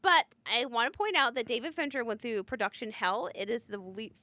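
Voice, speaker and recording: A woman's voice: fairly high pitch, expressive, a little fast, pushed and bright, no echo. A woman guest on a casual podcast chat, talking in an enthusiastic, emphatic way. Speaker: podcast guest, wine bar owner.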